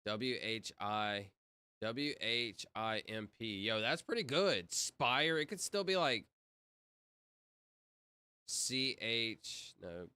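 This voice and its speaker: A man's voice: lowish voice, expressive, takes it slowly, pauses often, pushed and bright, clean tone, no echo. A man streaming live, chatting casually with his viewers and spelling out letters as he plays a word game. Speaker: livestreamer. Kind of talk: casual livestream chat. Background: music playing.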